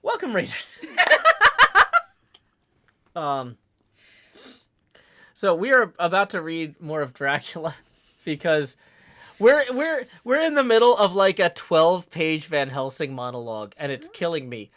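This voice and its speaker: A woman's voice: low voice, animated, unhurried, pauses often. A woman streaming casually, chatting in rambling tangents and laughing often before reading a novel aloud. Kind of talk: casual live-stream chat.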